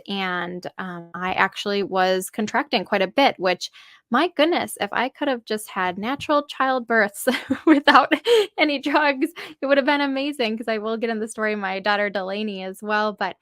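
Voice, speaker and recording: A woman's voice: medium pitch, a bit bright, dry recording, studio quality. A woman in her thirties, a podcast guest, telling a personal story earnestly, full of fillers and acted-out quotes.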